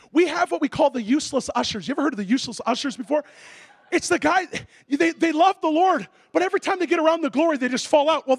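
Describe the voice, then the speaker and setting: High-pitched gravelly man preaching. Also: no echo, studio quality. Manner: animated, comic, shouts sound effects. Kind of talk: sermon storytelling.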